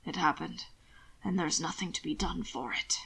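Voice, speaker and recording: A woman doing a brooding big man in a low harsh whisper. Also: moderate pace, gravelly, a bit bright, breathy edge, heavily acted. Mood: grim. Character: large brooding man, hushed and intense.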